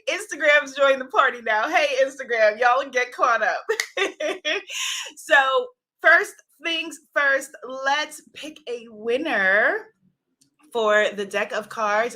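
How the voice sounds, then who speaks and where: Woman host, high and bright voice, unhurried and effusive, live-stream chat that laughs a lot. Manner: effusive, laughs often, greets viewers by name. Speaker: live-stream host and oracle card author.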